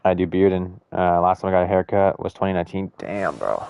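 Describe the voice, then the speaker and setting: A man's voice: deep voice, fairly even intonation, fairly quick, vocal fry, darkish tone, clear, resonant tone. A young man chatting casually to viewers while live-streaming a game, with laid-back slang and frequent swearing. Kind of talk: casual gaming stream chat.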